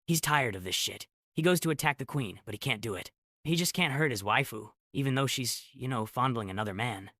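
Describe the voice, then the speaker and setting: A man's voice: lowish voice, bright, forceful tone, dry recording, clean studio sound. A man narrating a comic story recap with sarcastic asides.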